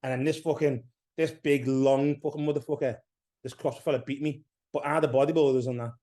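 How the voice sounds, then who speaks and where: A man with an English accent, a podcast guest who tells stories loudly, swearing freely in casual chat. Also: mid-range voice, fairly even intonation, fast. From England.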